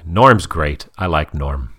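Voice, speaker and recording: A man co-hosting a casual family podcast as the dad, telling stories in an animated, playful way. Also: rumbling low, slow. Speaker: podcast co-host and father.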